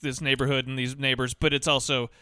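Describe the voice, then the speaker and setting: A man co-hosting a casual film podcast, talking in halting starts and repeated words. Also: medium pitch, little pitch movement, bright, forceful tone, smooth, dry recording, studio quality. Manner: halting, repeats words while building a point. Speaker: podcast co-host.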